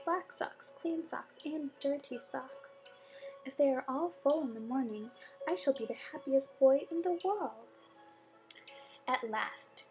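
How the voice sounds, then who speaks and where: A woman reading a bedtime story aloud with gentle expression and soft whispered asides. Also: sits high, poor audio.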